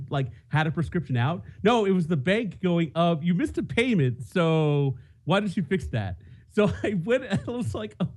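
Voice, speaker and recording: A man's voice: fairly high pitch, a little mellow. A man co-hosting a podcast, telling a rambling story in casual chat with many restarts. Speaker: podcast co-host.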